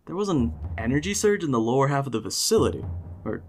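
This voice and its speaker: Audio drama: a man as a stammering young servant, animated, faint music under. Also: mid-range voice, quick pace, a little hiss or hum. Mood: nervous. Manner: stammering, hesitant. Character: nervous young male servant, eager.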